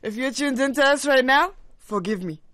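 A woman's voice: high-pitched, lively intonation, moderate pace, a crowd in the background. A woman co-hosting a radio show in casual chat, hesitant and playful, often repeating her words. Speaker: radio co-host.

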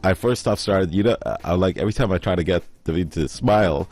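A man telling a travel story in casual chat, acting out the other people's lines in lively voices. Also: deep voice, quick pace.

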